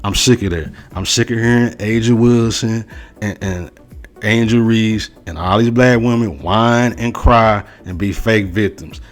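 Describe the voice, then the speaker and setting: Male sports-show host, forceful repetitive opinion delivery, fairly low voice. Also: faint music behind. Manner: emphatic, repetitive, slow and forceful on key phrases; casual slangy delivery. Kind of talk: opinion rant to camera.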